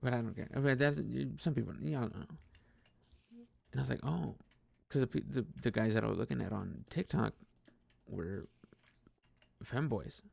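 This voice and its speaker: A man's voice: mid-range voice, normal speed, creaky, long pauses, a little mellow, dry recording. A young man talking casually and openly to himself, rambling with many restarts and frequent laughs. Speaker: podcast host. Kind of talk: casual personal monologue.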